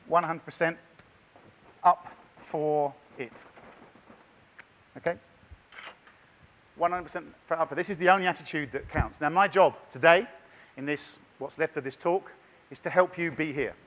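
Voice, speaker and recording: A middle-aged man gives a lively plenary talk to a hall full of teachers. His voice is slightly high and strikingly bright. He is chatty and keeps drawing the audience in, and the recording is dull and lo-fi. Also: normal speed, long pauses. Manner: energetic, chatty, directs the audience. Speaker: conference plenary speaker. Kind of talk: lively interactive conference talk. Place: large conference hall.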